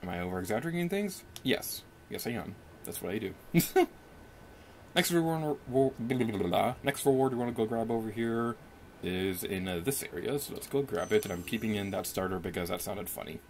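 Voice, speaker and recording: A young man with a fairly low voice talks through a video game in a relaxed, self-mocking way, and his pitch leaps up whenever something excites him. He records at home on a desk microphone, with a faint hum of room noise behind him. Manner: chatty and self-mocking, with quick pitch jumps when excited. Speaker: let's play commentator. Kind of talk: casual gameplay commentary.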